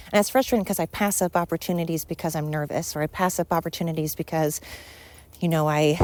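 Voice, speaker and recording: A woman's voice: low voice, a little mellow. A woman hosting her podcast in a casual, earnest monologue, rambling and emphatic with many fillers, a little winded as she walks outdoors. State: slightly winded. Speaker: podcast host.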